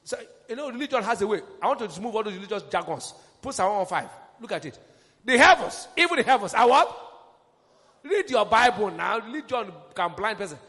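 High-voiced animated preacher in a hall. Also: male voice, quick pace. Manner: emphatic, rising to shouts, call-and-response. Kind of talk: sermon.

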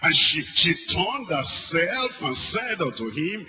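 A man preaching a sermon, repeating phrases and swinging between loud and soft. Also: fairly high pitch, animated, unhurried, few pauses, rough recording.

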